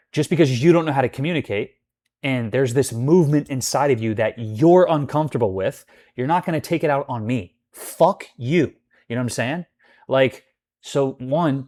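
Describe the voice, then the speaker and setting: A man's voice: mid-range voice, darkish tone. A man ranting casually about a roommate, rambling and swearing with lots of filler words. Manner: profane, rambling, full of "like" fillers. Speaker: vlogger. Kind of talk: casual storytime rant.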